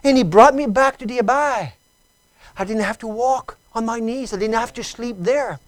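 A speaker with a French accent, a native French speaker, giving an emotional testimony at a sermon. They tell the story with halting, repeated words and swing from hushed tones to loud ones. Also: medium pitch, no echo, rough recording.

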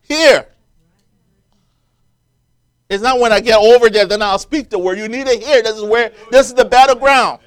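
A man's voice: extremely high pitch, fairly even intonation, fast talker, hardly any pauses, smooth. A man preaching a sermon, quoting scripture and building to emphatic, rising peaks as the congregation answers.

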